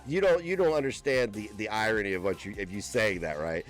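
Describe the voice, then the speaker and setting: A man's voice: brisk, few pauses, soft background music. A man streaming live, ranting at his critics with heavy swearing and a mocking, combative manner. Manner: profane, combative, mocking, with bursts of high laughter. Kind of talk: angry live-stream rant.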